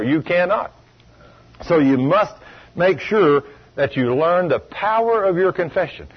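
Male preacher, husky voice, emphatic sermon storytelling, dull lo-fi recording. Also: mid-range voice. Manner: emphatic storytelling, rhetorical questions.

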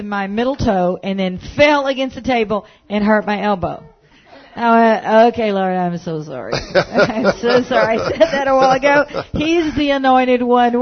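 A woman telling a quick, self-mocking story to a church congregation. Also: medium pitch, highs cut off. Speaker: pastor's wife. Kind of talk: church testimony.

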